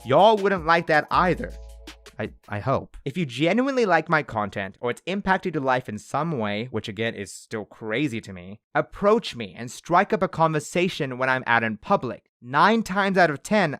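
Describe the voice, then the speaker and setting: A man's voice: on the high side, normal speed, dry recording, clean studio sound, soft background music. A young man, a YouTuber, talking to his viewers in a casual, jokey vlog style. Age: young adult. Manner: animated and jokey, with dramatic outbursts.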